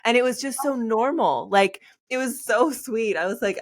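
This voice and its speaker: A woman in her thirties hosting a podcast, telling stories in a chatty, animated way and acting out the quotes. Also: a little high, fairly quick. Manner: animated storyteller, acts out quotes. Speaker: podcast host. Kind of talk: conversational podcast interview.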